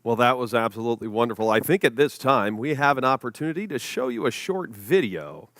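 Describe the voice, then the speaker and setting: A man's voice: mid-range voice, animated, a little fast, a bit bright, dry recording, clean studio sound. A man hosting a charity gala livestream, calling a party game play-by-play and laughing between lines. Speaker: gala host. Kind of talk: livestream emcee, game commentary.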